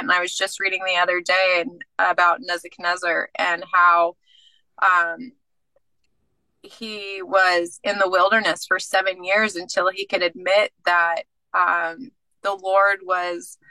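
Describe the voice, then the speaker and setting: A woman guest telling her faith testimony in casual, animated storytelling, acting out bits of dialogue. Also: medium pitch, no room sound, poor audio.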